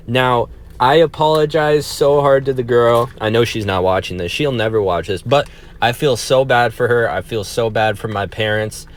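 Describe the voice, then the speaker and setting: A young man recounts a personal story for his vlog, talking frankly and peppering it with swearing. He pokes fun at himself as he goes. His voice sits at an ordinary male pitch. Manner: candid, profane, self-deprecating. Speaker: vlogger.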